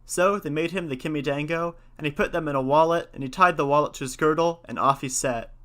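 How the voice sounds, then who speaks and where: A man hosting a podcast, reading a folktale and chatting about it in a lively, conversational way. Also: on the high side, fast. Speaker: podcast host. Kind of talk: storytelling and casual commentary.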